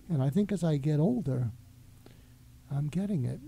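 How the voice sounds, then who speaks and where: A man's voice: on the high side, normal speed, vocal fry, warm tone, breathy edge. A middle-aged man, a doctor guest on a talk show, telling a reflective anecdote with frequent fillers.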